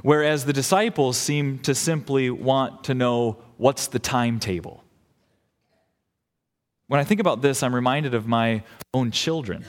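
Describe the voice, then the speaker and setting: A man's voice: medium pitch, measured pace. A young adult man preaching a sermon as pastor, earnest and emphatic, building in intensity. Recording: long hall reverb.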